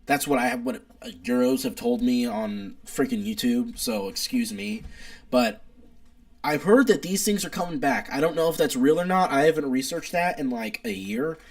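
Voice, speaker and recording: Gravelly young man streaming. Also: fairly high pitch, sing-song, normal speed. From United States. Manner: opinionated, rambling, reads chat aloud. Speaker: live stream host. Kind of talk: casual live stream chat.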